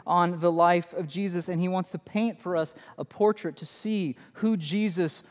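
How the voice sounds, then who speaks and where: A man in his thirties preaching a sermon as pastor, telling stories in an animated way in a church sanctuary. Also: high-pitched, normal speed. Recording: long hall reverb.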